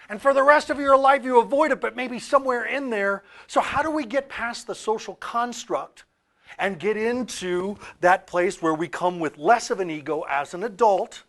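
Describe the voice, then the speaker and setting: A man telling a story in a talk about archetypes, animated, with loud peaks and quiet asides. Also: high-pitched. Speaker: author and speaker on archetypes.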